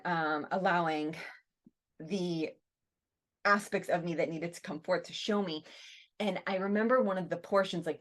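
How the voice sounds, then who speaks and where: A woman co-hosting a podcast, telling a personal story in a casual, animated way, often saying "like". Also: on the low side. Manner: animated, heavy use of "like", frequent restarts. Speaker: podcast co-host.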